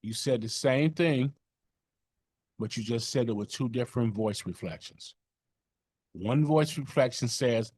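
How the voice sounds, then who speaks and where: A man's voice: medium pitch, measured pace, darkish tone, breathy edge. A man leading a sales training session on a call, coaching in a conversational way with lots of fillers and check-ins.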